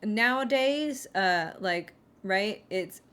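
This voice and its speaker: A woman's voice: medium pitch, animated, slow, a bit bright, smooth. Rambling, sarcastic woman streamer. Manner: rambling, sarcastic, heavy on fillers. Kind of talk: casual chat on a livestream.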